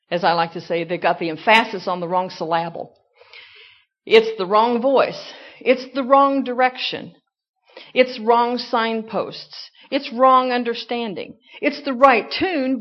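Woman preaching with lively playacting. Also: on the high side, dull audio. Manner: lively, acts out excuses in playful voices. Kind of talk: sermon.

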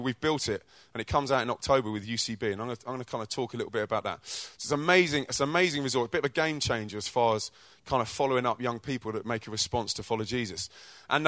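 A man from England, telling energetic, chatty stories about his charity work to a church audience, with slang and quick restarts. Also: mid-range voice, no echo. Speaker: Christian rapper and charity co-director. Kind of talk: informal testimony talk to a church audience.

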